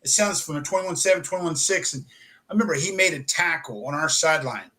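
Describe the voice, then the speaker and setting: A man's voice: fairly high pitch, lively intonation, fast, pushed and bright. A man co-hosting a sports talk show, chatting and asking eager questions.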